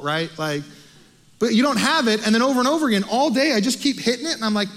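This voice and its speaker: An American man preaches a sermon in a high, ringing voice. He talks to the congregation in an animated, conversational way and keeps putting rhetorical questions to them. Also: fast. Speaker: pastor.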